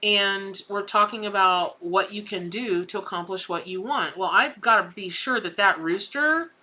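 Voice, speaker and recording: A woman's voice: medium pitch, moderate pace, bright, forceful tone. A middle-aged woman with a Southern US accent, giving effusive, folksy tarot readings on a live stream and calling viewers honey and baby. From American South. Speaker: tarot reader hosting a live charity stream.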